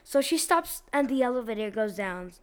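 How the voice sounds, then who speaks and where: A woman hosting a casual video, reading online posts aloud and commenting in a slangy, animated way with frequent giggles and sudden loud outbursts. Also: fairly high pitch, normal speed, clean tone.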